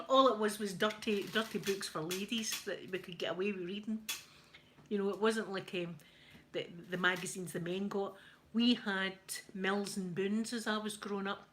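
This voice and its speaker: A woman's voice: mid-range voice, a bit bright, rough recording. A Scottish woman chatting casually while she irons, hosting her stream and laughing often. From Scotland. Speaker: live-stream host. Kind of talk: casual chat while ironing.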